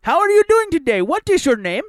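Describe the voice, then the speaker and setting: Creepy, overly friendly male phone agent, high lilting voice, slow and nosy, as a man puts him on. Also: sing-song, no room sound, studio quality. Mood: prying.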